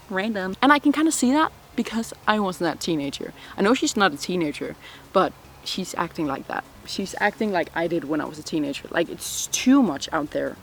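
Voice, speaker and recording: A giggly woman in her twenties answers viewer questions in a casual vlog chat, packing her talk with "like." Her voice is fairly low and expressive, a bit fast, and the phone recording carries a slight hiss or hum.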